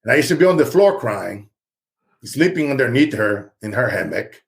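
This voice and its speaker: A man's voice: mid-range voice, big pitch swings, normal speed, creaky. A man from Brazil with a Brazilian Portuguese accent, a success speaker guest telling fervent stories in an interview. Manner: fervent, storytelling, calls host bro. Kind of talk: animated interview talk.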